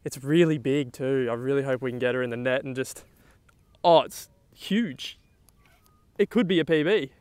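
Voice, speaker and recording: A young man talking outdoors on the water while fishing, exclaiming excitedly to the camera. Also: medium pitch, moderate pace, smooth, no echo. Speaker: fishing vlogger.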